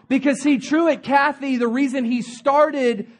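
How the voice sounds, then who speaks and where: High-voiced young male pastor. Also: unhurried, hardly any pauses. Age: young adult. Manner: humorous, animated storytelling preacher. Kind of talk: sermon.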